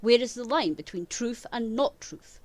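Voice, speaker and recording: A woman's voice: fairly high pitch, animated, moderate pace, a little mellow, voice pushed up. A woman voicing a theatrical, earnest princely young man who speaks emphatically in a fan audio sketch.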